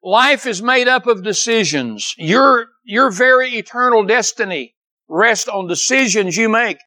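An older man preaching a sermon in a slightly higher-than-usual voice. He swings between fervent, rising emphasis and soft, low moments, pressing the congregation with repeated rhetorical questions. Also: animated, a little slow, no room sound, poor audio. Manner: repeats "Can I tell you" and asks for amens. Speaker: pastor.

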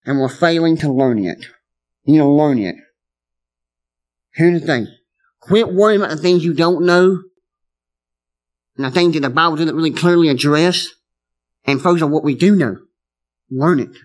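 A man's voice: on the high side, normal speed, pauses often. A man preaching a sermon as pastor, emphatic, often repeating himself and restarting phrases.

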